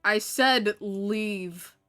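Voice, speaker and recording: A woman voicing a gruff, grumpy male echidna with a put-on Southern drawl while reading game dialogue aloud. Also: medium pitch, very slow, fairly bright tone, soft background music. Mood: curt. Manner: curt, drawling cowboy talk.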